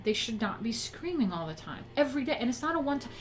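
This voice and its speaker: A woman's voice: on the high side, sing-song, fast talker, a little hiss or hum, low-quality recording. A woman in her thirties hosting a live stream from her home office, chatting casually and ranting bluntly with plenty of swearing.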